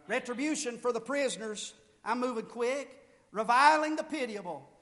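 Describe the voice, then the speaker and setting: A man preaching a sermon with fervor, rising to loud shouted peaks and then dropping low and quiet. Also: moderate pace. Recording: long reverb of a large hall.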